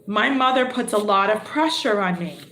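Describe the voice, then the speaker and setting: A woman reads tarot cards live, chatty and exclamatory as she thinks out loud. Her voice sits at a middle pitch. The room is echoey, with the clatter of dishes and pans audible behind her. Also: animated, moderate pace, very noisy. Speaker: tarot reader.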